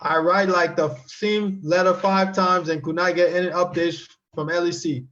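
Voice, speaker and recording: A man on a talk show, reading viewer comments and answering them in an animated way, with a lot of restarts. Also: high voice, normal speed, muffled recording. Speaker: guest expert.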